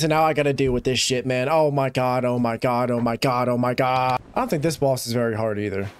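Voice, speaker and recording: A young man giving gameplay commentary, swearing and bursting into frustrated shouts. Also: mid-range voice, steady tone, brisk, hardly any pauses. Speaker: gaming YouTuber.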